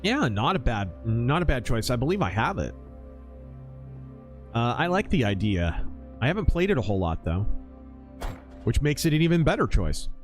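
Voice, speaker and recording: A man streaming a mech game and chatting casually, an animated storyteller who acts out quotes. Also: mid-range voice, normal speed, long pauses, faint music behind. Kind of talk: casual live-stream chat.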